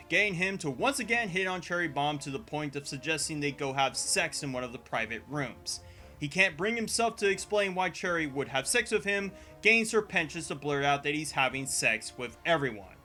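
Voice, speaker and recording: A man delivering scripted commentary as a video essayist, sarcastic and profane, with sudden exasperated jumps in pitch. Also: bright, forceful tone. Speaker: video essayist reviewing a show.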